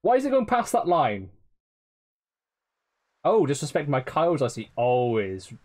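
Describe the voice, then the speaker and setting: A man's voice: a little high, very animated, moderate pace, a little mellow. A man streaming a game live, swearing often, laughing and teasing his chat. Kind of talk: live gameplay commentary.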